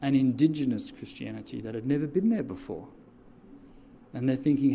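A man's voice: medium pitch, fairly quick, slight background noise. A man who serves as a church deacon, telling a story in a sermon and drawing answers from his listeners. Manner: animated, call-and-response with audience.

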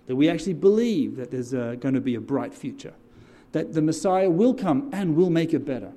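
A man's voice: a little high, a little fast. A man who serves as a church deacon, telling a story in a sermon and drawing answers from his listeners. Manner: animated, call-and-response with audience.

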